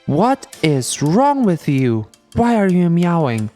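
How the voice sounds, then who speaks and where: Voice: mid-range voice, slow pace, soft background music. A streamer chatting casually and playfully during a gameplay livestream. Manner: playful and animated, with silly meowing bits.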